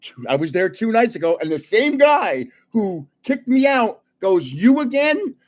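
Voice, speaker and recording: An older man hosts a trading card live stream in a loose, chatty way. He tells stories with plenty of laughs and keeps talking to his viewers. His voice sits a little on the high side for a man. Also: very animated, measured pace. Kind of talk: casual live-stream chat and storytelling.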